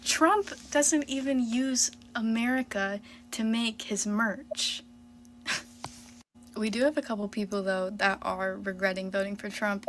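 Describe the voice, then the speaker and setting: Blunt woman chatting on a livestream. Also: mid-range voice.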